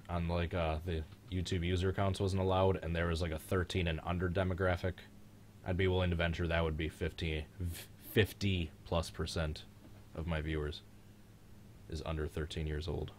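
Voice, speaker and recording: Young guy with a low voice doing live race commentary on his stream, jokey and excitable, swears a bit, faint hiss behind. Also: moderate pace. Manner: joking, excitable, mild swearing. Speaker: host of a live-streamed racing reaction show.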